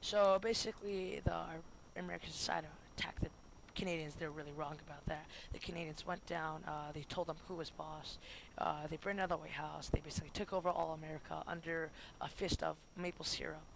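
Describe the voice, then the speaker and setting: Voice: medium pitch, steady tone, fairly quick, gravelly, few pauses. A student narrating a homemade history video in a goofy, rambling way, full of fillers and self-corrections. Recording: noisy home recording with clicks.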